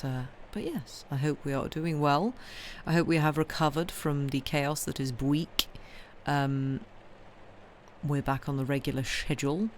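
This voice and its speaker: A woman's voice: low-pitched, a little mellow, a little hiss or hum. A woman hosting a livestream from home. She chats with viewers in a rambling way and says she is tired. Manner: rambling and chatty, replies to chat messages, many ums. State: tired, yawning. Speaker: livestream host reading books aloud. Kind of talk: casual chat with viewers.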